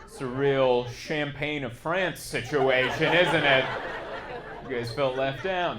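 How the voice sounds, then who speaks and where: A man doing a stand-up comedy set on stage, chatty and self-mocking, breaking into loud put-on bits. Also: fairly high pitch, measured pace. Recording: live club audience noise.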